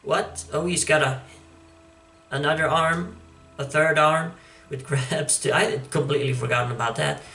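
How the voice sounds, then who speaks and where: A man's voice: fairly high pitch, steady tone, normal speed, sharp tone, soft background music. Wry chuckling man reviewing comics. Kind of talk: casual commentary. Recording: echoey room, distant mic.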